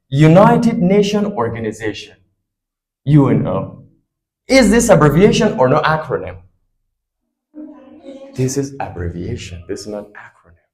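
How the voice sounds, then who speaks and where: A man teaches a grammar lesson to a class. He talks slowly and deliberately, and his pitch swings widely. He keeps firing questions back at his students. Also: rough recording. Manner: lively, quizzes students with repeated questions. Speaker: English teacher.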